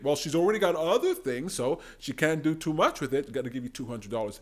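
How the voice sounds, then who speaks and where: A man giving an excitable reaction commentary on a debate clip, mimicking voices, laughing and exclaiming. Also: a little high, fairly quick, few pauses. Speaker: political commentator.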